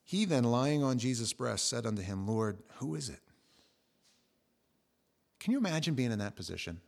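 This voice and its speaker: A middle-aged man preaching a sermon, telling the story with lively, acted-out quotes. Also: normal speed, creaky. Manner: animated storytelling, acting out quotes with jumps in pitch and volume. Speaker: pastor.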